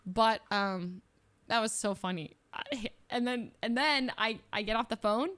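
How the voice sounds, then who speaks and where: A young woman telling a story in a casual, rambling way. She often laughs and acts out the people she quotes in a higher voice. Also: unhurried, fairly bright tone. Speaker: streamer.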